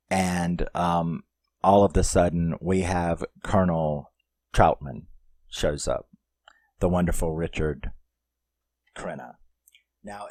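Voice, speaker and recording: A man's voice: sits low, darkish tone, dry recording, studio quality. A man giving a casual, rambling film review, swearing freely and using lots of fillers. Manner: rambling and profane, with many fillers.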